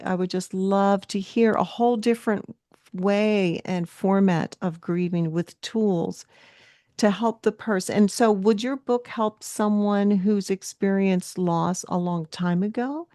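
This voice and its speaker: A woman's voice: mid-range voice, a little slow, mellow, no room sound, clean studio sound. A woman hosting a podcast interview, affirming and encouraging her guest. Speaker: podcast host. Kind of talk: podcast interview, casual conversation.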